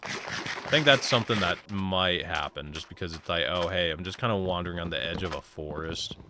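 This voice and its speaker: Low-voiced guy gaming on stream, chatty and rambling, a touch sore, with hiss behind. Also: fairly quick. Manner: rambling, chatty, talks to chat. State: slightly sore voice. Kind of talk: casual live-stream chat while gaming.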